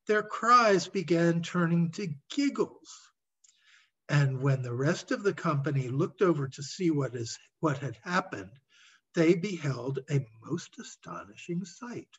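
A man reads his own storybook aloud at a slow, measured pace, his voice husky and slightly high. The recording is dull and lo-fi. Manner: measured, expressive reading. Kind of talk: storybook read-aloud narration.

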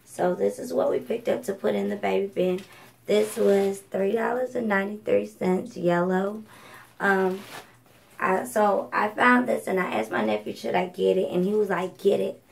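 A woman from Georgia chats casually through a thrift haul at home at night, full of ums and self-corrections, and she keeps coughing from allergies. Her mid-range voice holds a steady tone at a normal pace, with vocal fry, and the recording sounds rough.

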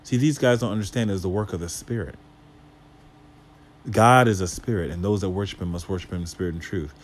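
A man's voice: low-pitched, a little fast. A man leading a Bible study, reading scripture aloud and breaking it down with rhetorical questions and casual asides. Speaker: Bible teacher.

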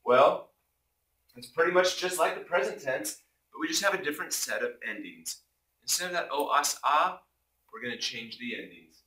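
A man who is a native English speaker, teaching a language lesson in an energetic, jokey way and punctuating points with loud exclamations. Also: a little high, moderate pace. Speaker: Spanish teacher. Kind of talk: classroom lesson explanation. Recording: echoey room, mic at a distance.

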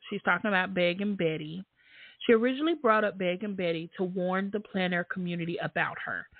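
Woman streamer, chatty commentary, animated leaps up in pitch, tinny phone-like audio, dead dry room. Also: no echo. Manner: animated, reads chat comments aloud, swings high for emphasis. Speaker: livestream host. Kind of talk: casual live-chat commentary.

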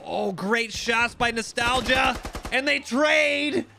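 A man commentating recorded shooter gameplay, excitable and quick to react, with wry asides. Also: very high-pitched, vocal fry, a little hiss or hum. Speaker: gaming channel host.

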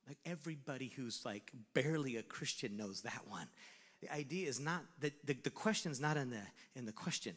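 A man preaching a sermon as pastor, animated, swinging between shouted lines and hushed asides. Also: mid-range voice, a little fast, husky, big-room sound. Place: church sanctuary.

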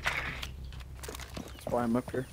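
Excitable man swearing in voice chat. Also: very slow, slight background noise. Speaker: gamer. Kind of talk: casual team voice chat.

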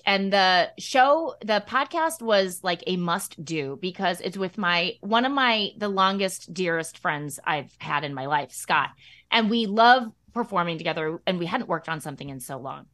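A woman with a Midwestern American accent, a guest actress chatting in a radio studio interview, bubbly and full of restarts. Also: medium pitch. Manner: bubbly, animated, many restarts. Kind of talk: casual interview chat.

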